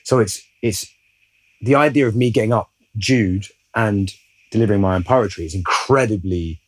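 Man, actor and interviewer, low husky voice, reflective, dry close sound. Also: normal speed, no echo, low-quality recording. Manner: thoughtful, reflective, searching for words. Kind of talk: casual interview conversation.

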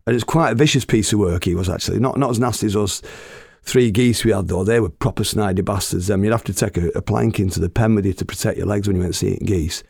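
Gravelly older Oldham storyteller. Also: male voice, fairly low pitch, fast talker, hardly any pauses, darkish tone, dry recording. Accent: Oldham, Northern English. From Oldham, England. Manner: dry, wry, earthy and swearing; acts out quoted people in voices. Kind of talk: humorous storytelling.

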